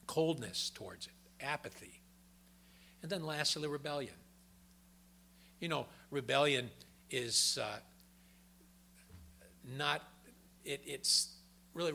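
An older man preaching a sermon in a folksy, conversational way, telling personal stories, with a gravelly voice. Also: mid-range voice, bright, forceful tone.

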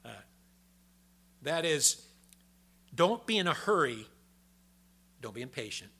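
An older man preaching a sermon in a folksy, conversational way, telling personal stories, with a gravelly voice. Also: on the high side, very animated, takes it slowly, long pauses, pushed and bright.

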